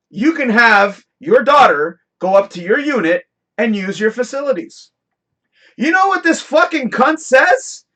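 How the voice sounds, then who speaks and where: A man hosting a live talk show, telling a work story in a casual, profane, animated rant that now and then bursts into shouting. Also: sits high. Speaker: podcast host.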